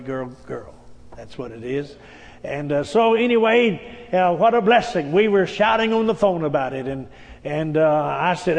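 Male pastor, high voice, storytelling sermon style, recorded in an echoing hall. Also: gravelly. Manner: folksy storytelling preacher, frequent amens.

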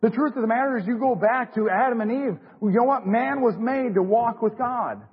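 A man's voice: extremely high pitch, brisk, breathy edge. A middle-aged man preaching an informal church sermon, folksy and repetitive, with many fillers and restarts. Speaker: lay preacher. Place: church sanctuary. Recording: dull lo-fi recording in a big reverberant hall.

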